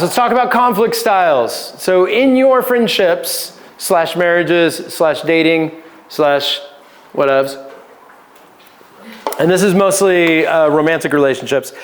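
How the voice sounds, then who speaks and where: High-voiced, joking male pastor. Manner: casual, joking, laughs often; conversational, keeps asking "right?". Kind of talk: relationship seminar teaching.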